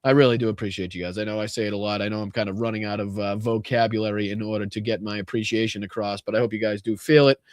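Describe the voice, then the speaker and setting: A man's voice: lowish voice, fairly even intonation, quick pace, hardly any pauses, a little mellow, no room sound. A man with a Boston accent hosting a political livestream, thanking viewers by name in a chatty, profane way. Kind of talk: casual livestream sign-off.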